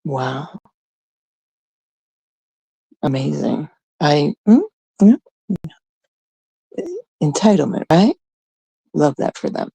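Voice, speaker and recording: A woman's voice: deep voice, lively intonation, slow pace, creaky, pauses often, warm tone, breathy edge, dry recording. A woman hosting a casual livestream, ranting in a profane, sarcastic way and greeting viewers in chat. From Canada. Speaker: livestream host.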